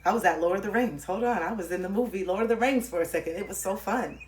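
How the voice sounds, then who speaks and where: A woman's voice: medium pitch, fast talker, slight background noise. A woman on a livestream giving a blunt, profane motivational talk, repeating points for emphasis and laughing often.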